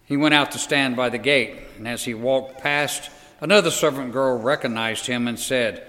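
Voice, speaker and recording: Male reader with a bright, crisp edge and a steady pace, in a reverberant hall. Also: mid-range voice, moderate pace. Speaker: scripture reader. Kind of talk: reading aloud.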